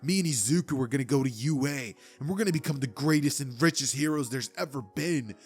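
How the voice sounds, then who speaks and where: A man's voice: mid-range voice, fast talker, husky, soft background music, natural voice. A man voicing a brash, hot-headed teenage boy who bosses his friend around. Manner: loud, bossy, exasperated.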